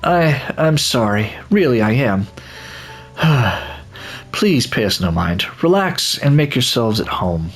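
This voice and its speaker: A man's voice: medium pitch, very animated, slow, soft background music, exaggerated voice. A courteous, apologetic game creature, voiced by a man.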